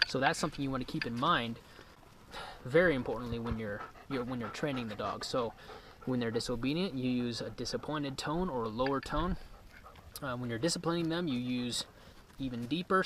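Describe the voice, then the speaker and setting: Guy talking dog training outside, laid back and rambly, faint outdoor noise. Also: mid-range voice. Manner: relaxed, rambling, many ums and restarts. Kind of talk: casual outdoor instruction.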